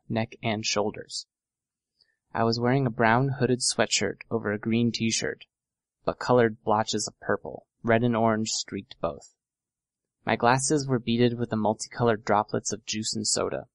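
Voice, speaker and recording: A man narrating a first-person audiobook in a steady, measured reading. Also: lowish voice, creaky, no echo.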